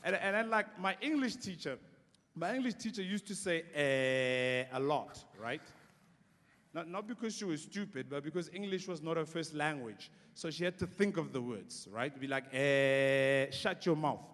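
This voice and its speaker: Casual: south african guy doing standup, high pitched, tells stories and does voices, echoey big hall. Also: brisk. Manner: animated storytelling that acts out voices. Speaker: stand-up comedian. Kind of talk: stand-up comedy. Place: large conference hall. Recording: long hall reverb.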